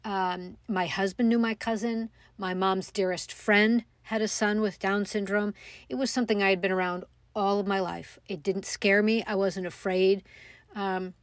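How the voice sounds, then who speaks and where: A middle-aged woman telling a personal story in a reflective, halting way, with many pauses and fillers. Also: mid-range voice, fairly even intonation, no room sound. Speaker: mother telling her story.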